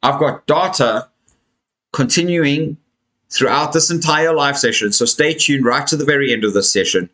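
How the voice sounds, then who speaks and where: With a fan running in his home room, a man hosts a laid-back crypto stream, yawning and sounding weary as he talks to viewers like friends and draws out words to stress them. His voice is on the high side and fairly bright, with lively intonation and a moderate pace. The audio is poor.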